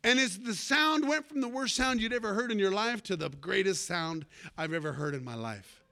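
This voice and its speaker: Man pastor, high bright voice, lively comic sermon storyteller. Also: normal speed, gravelly. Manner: animated, comic storytelling with sudden shouts.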